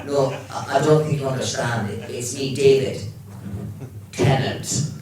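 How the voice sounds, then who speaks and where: A man's voice: mid-range voice, unhurried, far from the mic, crowd noise, close to an everyday voice. A man on a live stage playing a chummy celebrity actor who expects to be recognised by an old colleague. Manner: chummy, then wounded and petulant. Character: cheery, self-important celebrity actor, snubbed. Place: live stage show in a large hall. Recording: echoey live hall, mic from afar. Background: audience.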